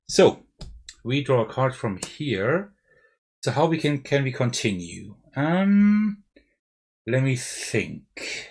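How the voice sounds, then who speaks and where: A man with a German accent, streaming a live card game playthrough and thinking aloud, often checking himself with "right?". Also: mid-range voice. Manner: thinking aloud, self-questioning with frequent "right?". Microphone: desk mic with face cam.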